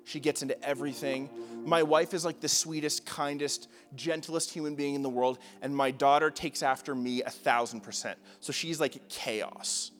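Young guy pastor, high voice, chatty and jokey, lots of "like", echoey church hall. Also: steady tone, normal speed, a bit bright, soft background music. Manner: casual, joking, many "like" fillers. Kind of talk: sermon.

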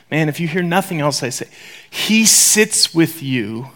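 A man preaching a sermon in a conversational, joking way, swinging from loud to hushed whispers. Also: on the high side, lively intonation, a little slow. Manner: conversational, joking, acts out voices.

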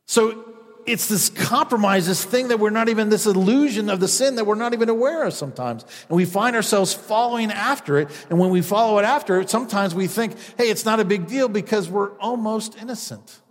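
High-voiced preacher in a reverberant hall. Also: male voice, animated, fairly quick. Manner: preaching with quoted asides and acted-out voices. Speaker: pastor. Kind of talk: sermon.

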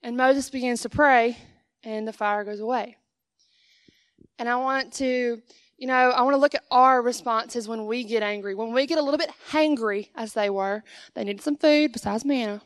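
A woman's voice: on the high side, normal speed, no echo. A young woman giving a conversational sermon as a guest speaker in church, acting out little dialogues with God. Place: church sanctuary.

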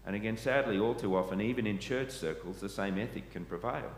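Male preacher, low register, earnest and questioning, recorded in a reverberant church. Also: a little fast. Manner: earnest, asks the listeners questions. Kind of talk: sermon. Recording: echoey church hall, faint ambient noise.

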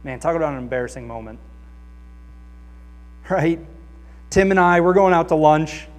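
A man preaching a sermon as pastor, earnest and lively, reading scripture aloud and acting out the voices he quotes. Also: fairly high pitch, quick pace. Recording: long reverb of a large hall.

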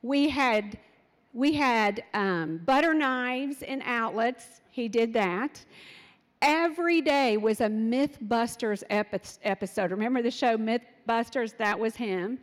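A middle-aged woman telling parenting stories in an animated way, acting out what her children said. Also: on the high side, slow pace, big-room sound. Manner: animated, acts out quotes of her kids. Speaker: speaker sharing parenting stories. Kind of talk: storytelling talk.

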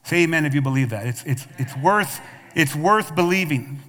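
Expressive and fairly bright, this male pastor's voice sits on the high side and moves at normal speed. He preaches in a church sanctuary full of long reverb, calling for congregation responses and repeatedly restarting his words.

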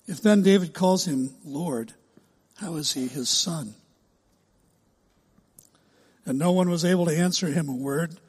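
A male pastor preaches a sermon in a measured, emphatic way, slowly stretching key words for the congregation. His voice is on the high side, a little mellow and husky, echoing in a large hall.

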